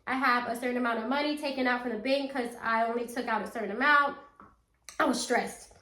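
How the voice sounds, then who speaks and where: A young woman telling a story to her viewers in casual chat, acting out what people said with lively asides. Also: fairly high pitch, fast talker. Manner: animated, acts out quotes, talks straight to viewers. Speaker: storytime vlogger. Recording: echoey room.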